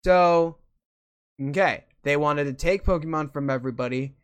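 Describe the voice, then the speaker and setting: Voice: medium pitch, moderate pace, smooth, lo-fi sound. Rambling, enthusiastic casual show host. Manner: rambling and enthusiastic, with many fillers. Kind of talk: casual chat about video games.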